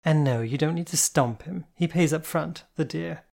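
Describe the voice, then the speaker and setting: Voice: medium pitch, moderate pace, vocal fry, darkish tone, pitched above the performer's own voice. A reader voicing a playful, flirty woman who calls everyone darling. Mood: chirpy. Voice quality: chirpy, camp endearments. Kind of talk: audiobook character voice.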